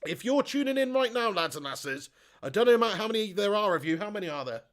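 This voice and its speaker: A man hosting a live football watch-along, reading out chat comments and shouting at the big chances. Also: sits high, lively intonation, quick pace.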